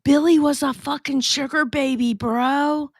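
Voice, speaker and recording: A woman's voice: sits high, fairly even intonation, unhurried, no room sound, studio quality. A woman hosting a casual livestream, reading chat messages aloud and chatting in a blunt, profane, gossipy way.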